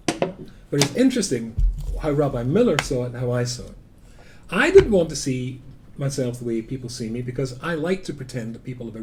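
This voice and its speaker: A Scottish-accented rabbi lecturing a live audience, his fairly high voice leaping up and down with great animation. He tells anecdotes with self-deprecating humor, rising to loud emphasis and then dropping to quiet asides. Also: slight background noise. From Scotland.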